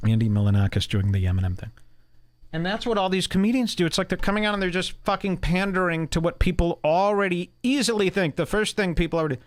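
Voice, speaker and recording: A man's voice: sits high, expressive, fast talker, no echo. A man hosting a podcast, ranting casually with a mocking, profane edge. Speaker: podcast host.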